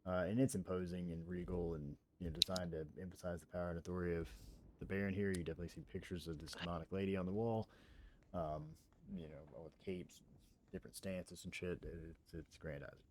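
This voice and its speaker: A man's voice: low-pitched, fairly even intonation, a little fast, background noise. A young adult man running a tabletop game as game master, narrating casually with plenty of swearing.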